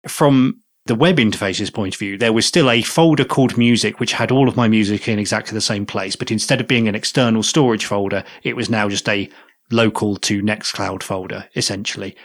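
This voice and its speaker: A man's voice: lowish voice, brisk, no room sound, studio quality. A man co-hosting a podcast, methodically walking through a technical task in casual chat. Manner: methodical, step-by-step explaining. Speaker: podcast co-host.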